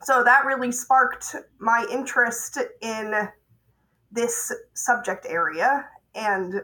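A woman guest on a farm podcast, a researcher who explains her studies clearly. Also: fairly high pitch, slow pace, pushed and bright, poor audio. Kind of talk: casual interview answers.

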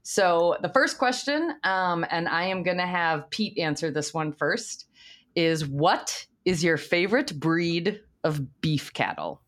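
A woman's voice: lowish voice, animated, takes it slowly, fairly bright tone. A woman co-hosting a casual farm podcast, asking guests questions in an upbeat way. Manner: upbeat, laughs easily between questions. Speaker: podcast co-host.

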